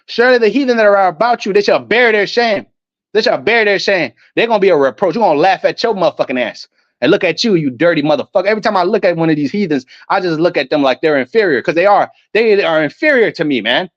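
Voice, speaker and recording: Here the high-voiced preacher is animated, alternating unhurried passages of scripture with profane, combative remarks. His tone remains defiant and declamatory from start to finish. Recorded close and dry with barely any echo, the sound is nonetheless muffled and lo-fi.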